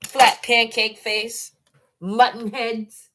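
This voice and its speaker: A woman, hosting a casual livestream chat, joking and animated. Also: fairly high pitch, drawn-out words. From New York. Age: 40s. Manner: animated, joking, breaks into laughs and shouts. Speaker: livestream host.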